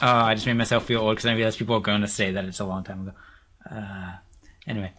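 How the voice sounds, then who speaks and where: A man's voice: on the low side, steady tone, very fast, fairly bright tone, faint music behind. A man giving casual, dry and sarcastic commentary while playing a video game with friends.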